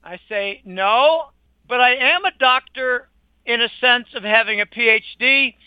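Captured on a dull, lo-fi dry recording, an older male interview guest speaks in an extremely high pitch. His conversational monologue is emphatic, scornful and full of indignation.

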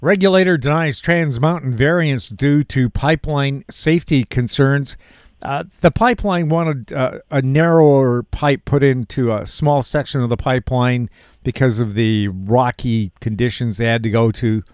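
A male radio host with a mid-pitched voice reads news headlines and tosses in dry quips. The recording is close and dry, with no room sound. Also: normal speed, darkish tone, clear, resonant tone, dry recording. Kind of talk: reading news items and chatting.

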